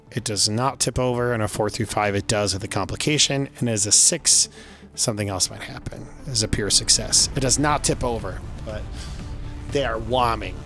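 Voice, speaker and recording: Bright-voiced male game master. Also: mid-range voice. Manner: loose and chatty, many fillers, laughs often. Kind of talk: narrating a tabletop game.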